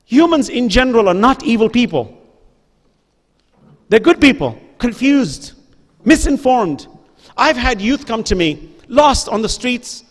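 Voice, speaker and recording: A man's voice: extremely high pitch, expressive, normal speed. A man giving an impassioned religious lecture to an audience in a school hall. He uses earnest, repeated rhetorical questions and appeals. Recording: reverberant hall.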